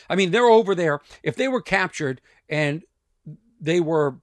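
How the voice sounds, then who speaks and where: A man hosting a comedy podcast, talking over a news clip in a halting, reflective way with many restarts. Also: on the high side, animated, no room sound, studio quality. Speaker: podcast host. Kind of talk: casual commentary on a news clip.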